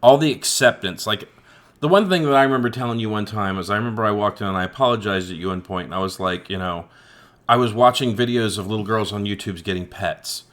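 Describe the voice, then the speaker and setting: A man's voice: lowish voice, fast, a bit bright. A man co-hosting a casual movie review chat who rambles, restarts and swears freely. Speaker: co-host.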